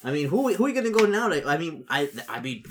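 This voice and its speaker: Woman, tabletop game player, very low voice, lively pitch, stammering restarts. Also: quick pace, a little hiss or hum. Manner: hesitant, repeats herself, playful.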